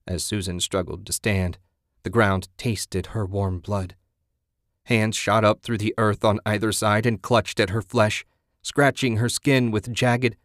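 A man reading a horror story aloud in a steady, grim voice. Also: on the low side, dry recording, clean studio sound.

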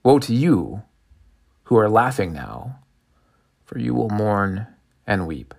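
Jesus addressing the crowd in a low, gravelly, solemn voice, blessings and woes, read by a man in a sermon, from scripture. The voice stays plain and unhurried. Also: big pitch swings, a little mellow, exaggerated voice.

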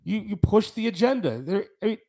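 A man's voice: sits high, expressive, fairly quick, gravelly, mellow. A man hosting a talk show trades heated blows with his co-host, his voice sitting well above most men's. He talks bluntly and accusingly and repeats his points over and over. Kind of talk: heated on-air argument.

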